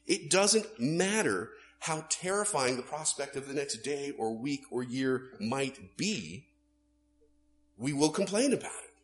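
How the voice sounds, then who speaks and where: A male pastor preaching a sermon, animated, swinging between loud emphasis and hushed asides. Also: mid-range voice, unhurried.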